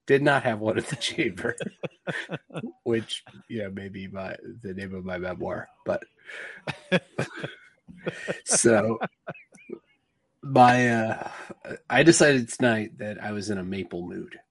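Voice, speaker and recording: Low, lively-voiced easygoing podcast man. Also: husky, no room sound. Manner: easygoing, halting, with chuckles. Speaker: podcast co-host. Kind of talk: casual chat.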